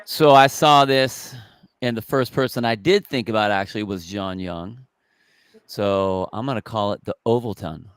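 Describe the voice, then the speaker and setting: A man talking as a podcast guest in a low-key, measured way. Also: clear, resonant tone. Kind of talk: casual chat.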